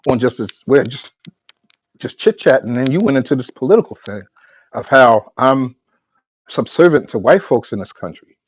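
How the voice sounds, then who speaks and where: A man's voice: medium pitch, slightly rough, dry recording, dull audio. A man hosting a podcast and recounting a conversation in a casual monologue. He stops and restarts his sentences often and acts out both sides of the exchange. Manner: halting, repeats words and restarts often. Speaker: podcast host.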